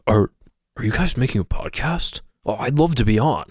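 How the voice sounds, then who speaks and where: A man's voice: mid-range voice, lively intonation, normal speed, darkish tone, slightly rough, no echo, studio quality. A man doing a fawning, chatty Bigfoot. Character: Bigfoot, eager male creature fond of fame.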